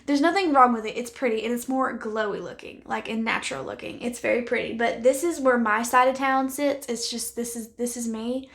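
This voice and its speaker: A woman's voice: a little high, fairly quick, vocal fry, few pauses, fairly bright tone. A woman vlogging a casual makeup try-on, chatting candidly to the camera and thinking aloud as she applies it, sometimes dropping to near-whispers. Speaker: beauty vlogger.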